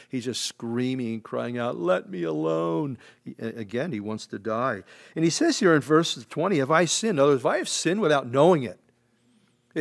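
Conversational pastor preaching with halting restarts. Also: male voice, mid-range voice. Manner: conversational, halting, with many restarts and acted-out quotes. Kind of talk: expository sermon. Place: church sanctuary.

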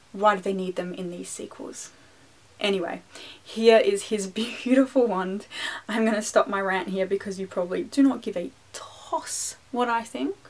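A woman's voice: medium pitch, gravelly. Chatty Australian woman unboxing a collectible. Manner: chatty, self-deprecating, animated asides. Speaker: wand collector and vlogger. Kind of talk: casual unboxing chat.

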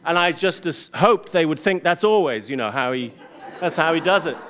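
An English man telling a wry, self-deprecating personal story on stage before a live audience, with halting restarts. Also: fairly high pitch, animated, a bit bright, some chatter behind. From England.

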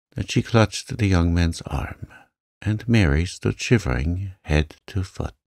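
A man narrating a sleep story for adults in a calm, gentle reading voice. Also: sits low, creaky, dry recording, studio quality. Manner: slow, soft and gentle.

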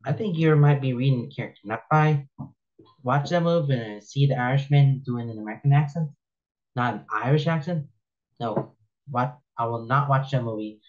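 A man's voice: medium pitch, fairly quick, highs cut off. A man giving casual commentary as he reads posts aloud, rambling and opinionated, often repeating himself and restarting sentences. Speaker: reaction video host.

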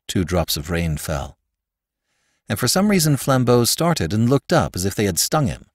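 Guy narrating an old story, low voice, really lively reading, dry close studio mic. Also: moderate pace, no room sound. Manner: expressive, dramatic reading. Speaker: narrator and podcast host. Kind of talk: audiobook narration.

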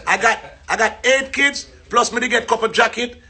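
A man with a Jamaican accent, joking loudly and telling a story in a casual chat. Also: very high-pitched, moderate pace. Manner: loud, joking, shifts into mock-English voice.

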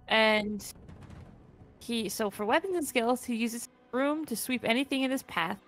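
Woman co-host, highish voice, casual and giggly, faint music in the background. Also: animated, slow pace, pauses often. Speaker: co-host of an online AI battle game. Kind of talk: casual chat, reading entries aloud.

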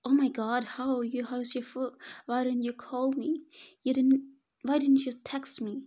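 A woman's voice: medium pitch, gravelly, darkish tone, muffled recording. Woman reading a chatty office friend. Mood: worried. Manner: rapid-fire worried questions.

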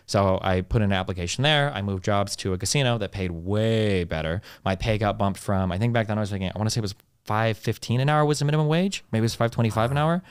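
A man rattles off stories at a rapid clip, cursing freely and hammering his points home. His voice sits on the low side and comes through dry and close on the mic, with no room around it. He sounds like a guest on a casual podcast. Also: clean tone, no echo. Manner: fast, ranting, heavy swearing. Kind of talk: casual storytelling, profane and emphatic.

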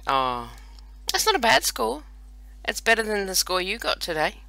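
High-pitched with big pitch swings, creaky, bright and forceful, this voice moves at normal speed with no room sound. It's an Australian man of about forty hosting a let's play, bantering and making fun of himself.

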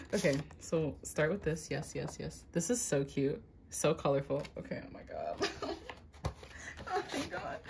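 A young woman vlogging an unboxing in casual chat, excitable, swearing a lot and breaking into gasps and squeals. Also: lowish voice, a little hiss or hum.

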